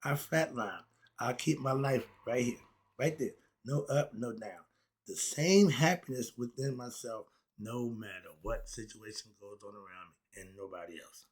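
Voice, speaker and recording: A man's voice: medium pitch, normal speed. A man giving a casual spoken lecture on self-knowledge and happiness, in a preachy way that asks questions and answers them himself. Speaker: self-help philosophy talk host.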